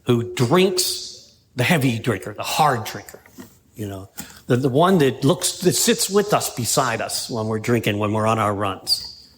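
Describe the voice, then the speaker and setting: A man's voice: medium pitch, sing-song, measured pace, fairly bright tone, a little hiss or hum. A man giving a recovery talk to a meeting, who tells stories, reads passages aloud and keeps checking in with "right?" and "you know?". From Pittsburgh. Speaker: AA speaker. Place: meeting room.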